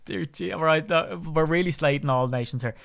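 A man's voice: a little high, fairly quick, gravelly, background noise. An Irish man hosting a podcast in casual chat, talking in a chatty, ranting way that gets worked up. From Ireland. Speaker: podcast host.

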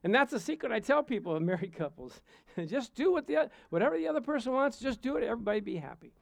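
A man's voice: very high-pitched, very animated, quick pace, vocal fry, no echo. A man preaching a sermon, telling playful personal stories and chuckling between points. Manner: storytelling, playful, chuckles often. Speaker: pastor.

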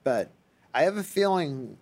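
A man's voice: a little high, big pitch swings, unhurried, darkish tone. A man in casual conversation, rambling enthusiastically with frequent fillers and restarts. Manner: rambling, enthusiastic about old records.

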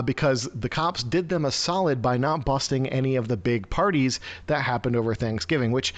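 A man hosting a live stream over a video call, giving rambling, sarcastic news commentary full of fillers and restarts. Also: medium pitch.

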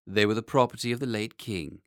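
A man's voice: lowish voice, fairly quick, dry recording, studio quality, close to an everyday voice. A man voicing a stern, disapproving chancellor in a storybook. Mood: grave. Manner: grave, disapproving. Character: stern, agitated older male chancellor.

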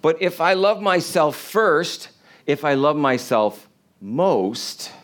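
Man, pastor, casual sermon, earnest, conversational, fairly high voice, church room. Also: slow pace, a bit bright. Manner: conversational, earnest, with hesitant restarts. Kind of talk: informal sermon.

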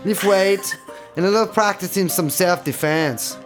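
A man's voice: sits high, moderate pace, soft background music, natural voice. A man voicing an evasive male Russian bodyguard and trainer in a comedic interview reenactment, speaking broken English in a put-on Russian accent that drifts toward German and Polish. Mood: matter-of-fact. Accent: put-on Russian, slipping toward German and Polish. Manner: broken English, defensive, denies everything.

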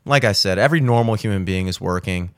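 A man's voice: lowish voice, fast. A man hosting a podcast, delivering a profane, sarcastic comedic rant and acting out mock conversations. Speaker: podcast host. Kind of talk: ranting comedic monologue.

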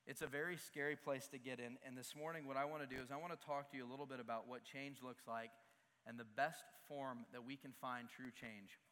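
A man's voice: mid-range voice, fairly even intonation, a little fast, a bit bright. A young man preaching a sermon, earnest and confessional, rising to emphatic peaks. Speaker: pastor. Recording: long hall reverb.

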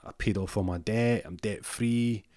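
A man's voice: on the low side, steady tone, moderate pace, warm tone, no echo, clean studio sound, close to an everyday voice. A man doing a rambling stoner who thinks he's Santa. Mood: grandiose. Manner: rambling, grandiose.

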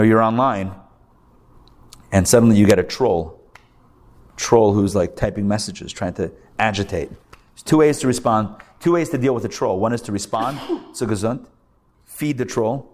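A man teaching a live class as a rabbi, talking conversationally and repeating phrases for emphasis. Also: medium pitch. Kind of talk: live recorded lecture. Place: academy classroom before a live audience.

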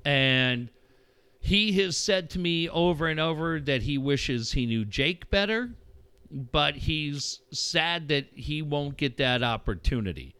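A middle-aged man talks through personal stories on his podcast, candid and unguarded, dropping the odd curse as he goes. His voice is bright and forward, with a clean, smooth tone. The sound is dry and close, with no room around it. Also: fairly high pitch, animated, slow pace, no room sound. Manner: candid, profane, reflective storytelling. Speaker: podcast host. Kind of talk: casual conversation.

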